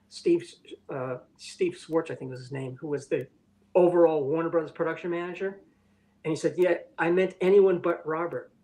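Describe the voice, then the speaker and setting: A man's voice: fairly high pitch, darkish tone, poor audio. An older man, an animation director, telling candid stories in an interview with a blunt, profane manner, acting out what others said. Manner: blunt, profane, acts out quoted dialogue.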